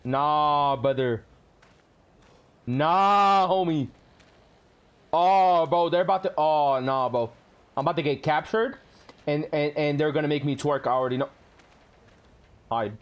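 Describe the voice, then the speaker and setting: A man's voice: a little high, measured pace, long pauses. A male streamer giving live commentary on a horror game, jumpy and swearing a lot while talking to his chat.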